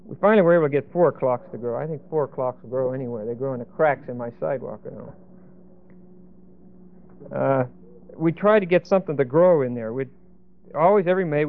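A man's voice: mid-range voice, creaky. A man teaching a Bible passage in an explanatory, emphatic way, often checking in with "okay?" and "see?". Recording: tinny phone-like lo-fi sound.

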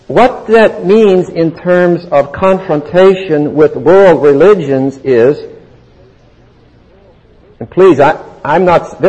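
A man teaching the Bible verse by verse in a deliberate, emphatic way. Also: on the high side, a little mellow. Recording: long hall reverb.

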